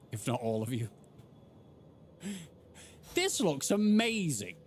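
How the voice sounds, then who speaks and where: A man's voice: medium pitch, big pitch swings, extremely slow, slight background noise. A man in his thirties doing live gameplay commentary, bantering playfully and teasing his chat. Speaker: streamer.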